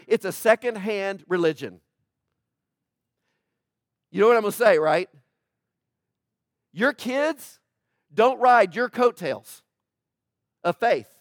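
High-voiced preacher, dry close sound. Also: male voice, dry recording. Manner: conversational preaching, asks the congregation questions. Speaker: pastor. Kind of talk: sermon.

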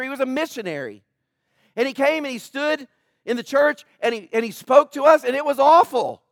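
High-voiced male pastor preaching conversationally. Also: no echo, clean studio sound. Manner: conversational preaching, often asking the congregation "right?"; animated, with jokes and asides to the congregation. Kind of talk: sermon.

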